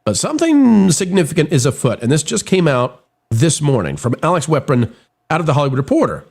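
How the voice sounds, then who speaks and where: A man hosting a live stream, reading and commenting on news in an animated, theatrical way while getting over a cold. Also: fairly high pitch, fairly quick, vocal fry, husky. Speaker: show host.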